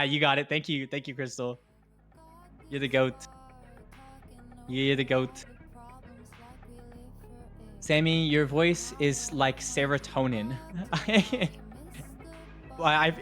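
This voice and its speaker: Hyped young guy streaming a watch party, kinda high voice, music low in the back. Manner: excitable, quick to get hyped, jokey asides. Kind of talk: casual chat reading stream chat.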